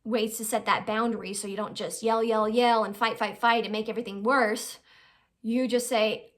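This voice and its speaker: A woman's voice: a little high, moderate pace. A woman giving an informal life-skills lesson in a conversational way, often checking in with "right?". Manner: acts out quoted people in lively little voices. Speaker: advice host.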